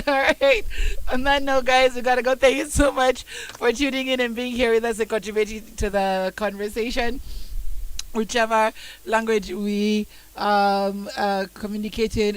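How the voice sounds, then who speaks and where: A woman hosting a radio talk show, wrapping up the chat with brisk, easy sign-offs. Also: fairly high pitch, clean tone. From Kenya. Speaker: radio host. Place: radio studio.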